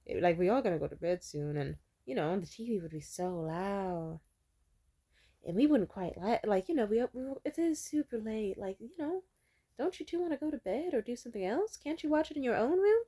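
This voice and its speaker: A hesitant, passive-aggressive middle-aged mother, as a woman puts her on while telling a story. She hedges and trails off in a soft, polite tone as she discourages a request. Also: medium pitch, expressive, a little fast.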